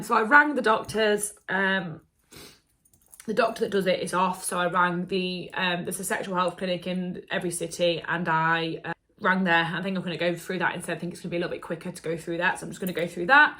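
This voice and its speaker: A young woman talks straight to her camera in a casual story-time vlog. Her voice is bright and clear, and her delivery is chatty, candid and openly emotional. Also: on the low side, fairly even intonation, a little fast. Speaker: beauty vlogger.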